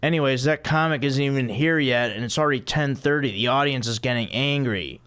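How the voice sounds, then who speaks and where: A man doing a gruff, irritable old club owner. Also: medium pitch, brisk, a bit bright, natural voice. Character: grumpy middle-aged male club owner, gruff.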